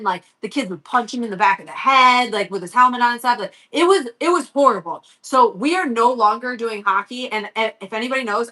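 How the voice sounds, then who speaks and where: A woman's voice: mid-range voice, bright, forceful tone. Blunt, foul-mouthed woman ranting. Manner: heavy swearing, blunt, worked-up. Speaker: livestream host. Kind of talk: casual storytelling rant.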